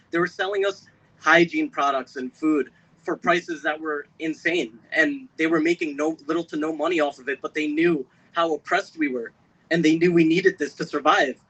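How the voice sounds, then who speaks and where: A young man giving an emotional speech at an outdoor protest, building from steady storytelling to shouting. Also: fairly high pitch, lo-fi sound. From Pennsylvania. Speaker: protest speaker. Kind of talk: impassioned rally speech.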